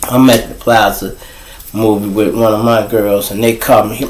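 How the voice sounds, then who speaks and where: A man telling casual, profane street stories as host, animated and swearing freely. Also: normal speed, reverberant, poor audio. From Chicago. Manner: animated, profane, jumps to high voices for quoted people. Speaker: storyteller host.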